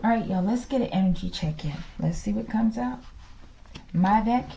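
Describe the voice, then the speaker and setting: A woman's voice: medium pitch, moderate pace, vocal fry, mellow, slight background noise. A woman giving a channeled tarot reading to her viewers, chatty, laughing often and dropping into whispers. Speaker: tarot reader.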